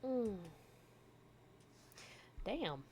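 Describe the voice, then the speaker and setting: A woman hosting a livestream, chatting casually and meandering in a relaxed, friendly way as she signs off. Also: a little high, very slow, slight background noise. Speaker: livestream host. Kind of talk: casual stream sign-off chat.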